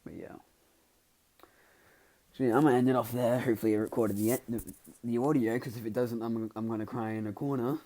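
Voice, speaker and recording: A man's voice: mid-range voice, fairly even intonation, brisk, long pauses, dark tone, rough recording. A young man casually retelling a fan story, rambling with lots of filler words. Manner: rambling, filler-heavy, constantly says "like".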